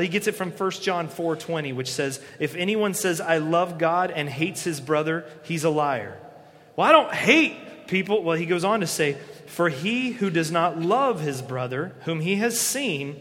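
A man preaching a sermon as pastor, talking in a conversational, animated way and acting out the voices he quotes. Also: on the high side. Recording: long reverb of a large hall.

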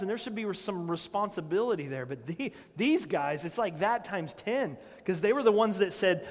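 Pastor, man, high-pitched, conversational animated sermon, church hall reverb. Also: moderate pace, hardly any pauses. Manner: conversational, animated preaching with direct questions.

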